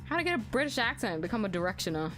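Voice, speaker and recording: A woman's voice: medium pitch, big pitch swings, very fast, music in the background. A woman giving casual, rambling commentary while playing a game, often giggling and swearing. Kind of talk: casual let's-play commentary.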